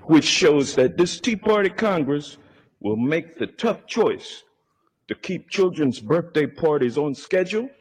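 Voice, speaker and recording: A man's voice: fairly high pitch, big pitch swings, unhurried, breathy edge, in a large hall, heavily acted. A man playing a pompous congressman giving an oratorical floor speech in a clip from a comedy sketch.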